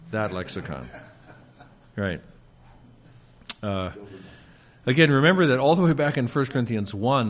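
A man leading an informal Greek class at a seminary, pausing often with fillers and slipping in dry jokes. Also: lowish voice. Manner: dry joking, pauses with many fillers.

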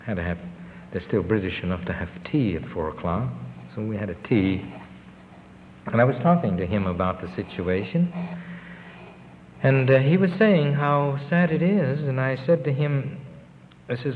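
A man's voice: medium pitch, a little hiss or hum. An older man, a relief worker, telling earnest, rambling stories of his work abroad in a recorded interview. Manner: rambling, earnest storytelling with pauses. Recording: tinny, lo-fi tape with long reverb.

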